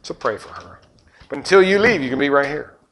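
An older man preaching a sermon as a pastor, with rhetorical questions and passion that surges loud and then drops low. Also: expressive, a little fast, slight background noise. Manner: impassioned preaching, rhetorical questions, surging and dropping loudness.

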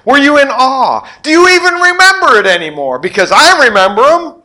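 A middle-aged pastor preaching with a high, bright voice that leaps all over its range. He tells the story dramatically, swinging from loud outbursts to hushed asides. His tone is sharp and forceful. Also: a little fast. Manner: animated storytelling, acting out voices and sound effects; swings between loud exclamations and quiet asides. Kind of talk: sermon.

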